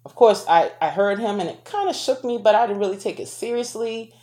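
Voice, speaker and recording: A woman telling a painful personal story to her viewers, speaking haltingly with many restarts and pauses. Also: mid-range voice, lively intonation, mellow. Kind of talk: personal testimony to camera.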